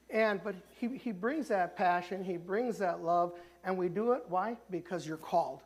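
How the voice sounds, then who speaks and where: This Midwestern pastor delivers his sermon in the sanctuary at normal speed with hardly any pauses, his voice sitting high. He preaches in a conversational style full of restarts and takes on the voices of characters as he retells stories.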